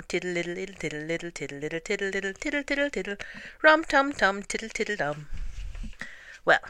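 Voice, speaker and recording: Expressive woman reading a storybook. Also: lowish voice, no room sound. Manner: gentle, expressive read-aloud storytelling. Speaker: narrator.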